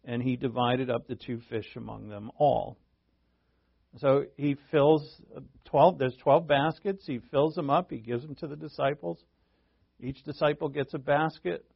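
A man's voice: medium pitch, steady tone, a little slow, creaky, breathy edge, dry recording, lo-fi sound. A male preacher teaching a sermon verse by verse, in a conversational way that thinks aloud and asks rhetorical questions.

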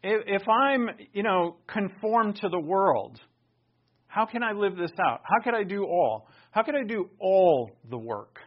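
A man delivers a sermon in a fairly high voice, leaning hard on key words with loud bursts. Between them he drops into low, quiet asides. The recording sounds muffled and lo-fi. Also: expressive, a little slow. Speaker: pastor.

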